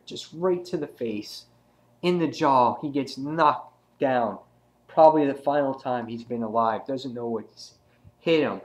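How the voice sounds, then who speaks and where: A man reviewing a comic book in a casual video, retelling scenes excitedly with many restarts. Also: medium pitch, measured pace.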